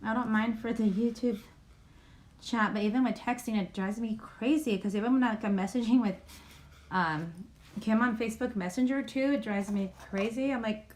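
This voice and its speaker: A woman with a fairly high voice talks her way through a casual livestream from home. She reads a list aloud in a chatty, self-deprecating way and keeps saying sorry for her pronunciation. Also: normal speed, darkish tone. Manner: chatty, apologizes for mispronouncing names. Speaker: YouTube livestream host.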